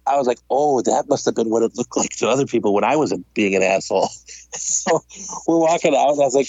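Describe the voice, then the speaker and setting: Animated storytelling man, dry close sound. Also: medium pitch, fairly quick, breathy edge, dry recording, rough recording. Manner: animated, laughs while telling stories, acts out quotes. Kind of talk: casual storytelling.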